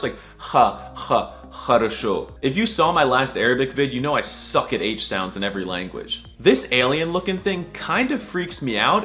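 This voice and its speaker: A man doing a comedic scripted voice-over that explains letters, with a goofy, crude and mock-outraged manner and drawn-out repeated sounds. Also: mid-range voice, sharp tone. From United States.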